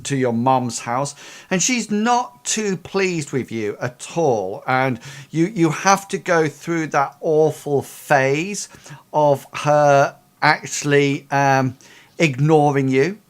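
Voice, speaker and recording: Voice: medium pitch, slow. A game master narrating a tabletop game in a rambling way, with many fillers and restarts.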